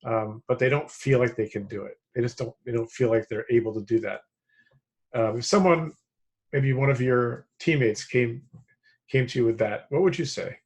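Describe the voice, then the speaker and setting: A man's voice: medium pitch, moderate pace. A man hosting an interview, affirming his guest and asking open questions. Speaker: interview host. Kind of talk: casual interview.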